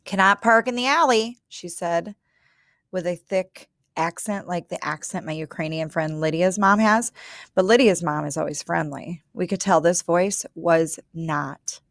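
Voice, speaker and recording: Low-voiced woman reading a storybook. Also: dry recording, clean studio sound. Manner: calm, measured, child narrator's voice. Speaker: reader. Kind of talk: storybook narration.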